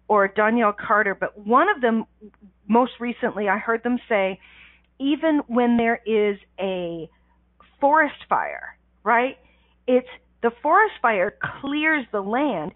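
A woman's voice: on the high side, no echo. A woman hosting a call-in radio show as a life coach, talking with lots of energy, laughing often and using slangy, emphatic phrasing. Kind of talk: animated call-in radio talk. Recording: tinny phone line.

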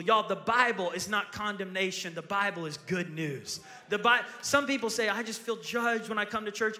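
A man in his thirties preaching a sermon as pastor, telling a story and then building to loud preaching. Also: high-pitched, normal speed, hardly any pauses. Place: large church auditorium. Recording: long hall reverb.

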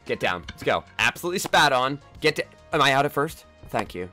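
A young man giving live, trash-talking commentary on his own baseball video game, jumping between low mutters and sudden yells. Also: very animated, fairly quick, few pauses, soft background music. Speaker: gaming YouTuber.

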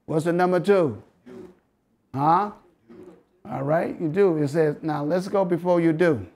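A man's voice: fairly high pitch, unhurried, a little mellow. Southern American man teaching scripture. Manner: preachy, coaxing the audience with questions and chuckles. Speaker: health lecturer. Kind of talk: interactive Bible health lesson.

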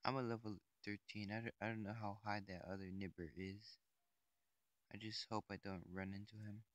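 A man's voice: on the low side, little pitch movement, normal speed, no echo. A young man giving casual, profane, rambling commentary while playing a survival game. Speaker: gamer. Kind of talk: casual Let's Play commentary.

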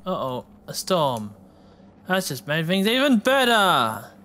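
A man giving let's play commentary, excitable and swearing freely, shouting at enemies. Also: high voice, slow. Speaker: gamer.

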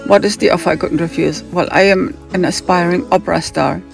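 Gravelly German-accented woman telling a story. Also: on the low side, fairly even intonation, a little fast, faint music behind. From Hamburg, Germany. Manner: digressive, acts out other people's lines. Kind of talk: rambling personal storytelling.

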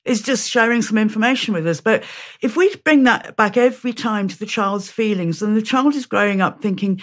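A woman's voice: medium pitch, brisk, fairly bright tone. A woman, a guest who has worked with parents, speaking in conversation with hesitant restarts and quoted examples. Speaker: guest with experience working with parents. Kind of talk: conversational interview answer.

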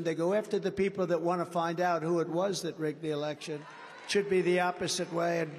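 Rambling man speaking at a rally. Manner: rambling, emphatic, repeats phrases, swings from shouting to low asides. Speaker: political candidate. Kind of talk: campaign rally speech. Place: large indoor university venue. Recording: reverberant hall, faint background noise.

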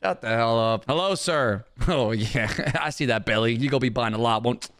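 A man's voice: medium pitch, normal speed, fairly bright tone. A young man giving comedic gameplay commentary, trash-talking game customers in mock anger. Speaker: gaming YouTuber.

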